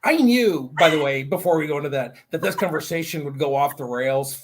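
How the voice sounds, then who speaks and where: A man's voice: fairly high pitch, animated, fairly quick, slight background noise. A man, an author guest on a casual live-stream chat, telling rambling self-deprecating stories.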